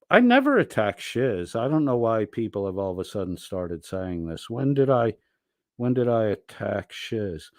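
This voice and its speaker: A man's voice: on the low side, a little mellow, dry recording, clean studio sound. A man ranting angrily and profanely while arguing with someone on a livestream. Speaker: streamer. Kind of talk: heated livestream argument.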